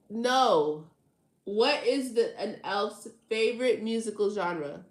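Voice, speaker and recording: A woman's voice: medium pitch, expressive, slow, pauses often, roomy sound. A woman hosting a tarot livestream, chatting casually with viewers in a teasing, slangy way and laughing often. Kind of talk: casual live chat with viewers.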